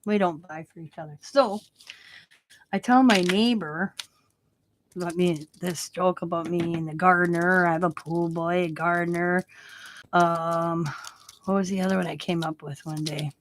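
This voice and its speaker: A woman's voice: on the low side, fairly even intonation, moderate pace, a little hiss or hum. A woman hosting a casual crafting vlog, chatting and joking as she works at her craft table. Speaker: craft channel host.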